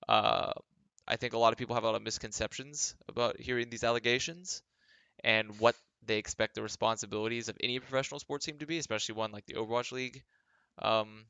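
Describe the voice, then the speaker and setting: A man's voice: medium pitch, creaky, bright, forceful tone, clean tone, dry recording. A tired young man, a former esports pro, talking in a casual vlog monologue from his home workspace, rambling with lots of fillers and dry sarcasm.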